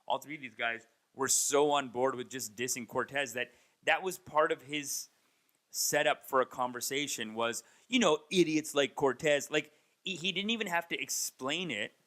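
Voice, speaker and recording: A man in his thirties, a comedian, rambling through a casual comedic monologue and mocking people with raised, animated impressions. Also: medium pitch, normal speed. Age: 30s. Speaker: comedian and podcast host. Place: Toronto.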